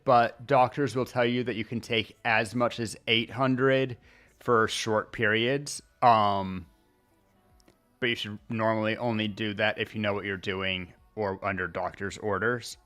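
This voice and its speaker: A male streamer chatting casually, rambling along with pauses and restarts as he talks into his desk mic. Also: medium pitch, fairly bright tone. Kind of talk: casual livestream chat. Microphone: desk mic at streaming setup.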